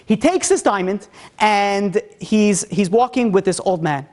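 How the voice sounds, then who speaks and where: A man, a rabbi, telling a story in an animated, conversational way. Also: high voice, unhurried. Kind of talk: storytelling talk.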